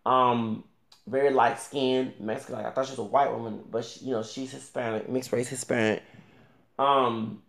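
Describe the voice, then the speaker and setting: Male vlogger with a gravelly voice, rambling rant straight to camera, recorded in an echoey room. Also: mid-range voice, little pitch movement, normal speed, fairly bright tone. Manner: rambling, with many restarts and fillers; talks back directly to another creator. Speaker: YouTuber. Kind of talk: casual ranting commentary.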